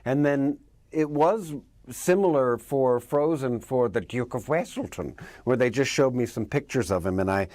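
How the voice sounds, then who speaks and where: A man, an actor, answering interview questions in an animated way, laughing often and dropping into character voices. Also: mid-range voice, moderate pace, no room sound, studio quality.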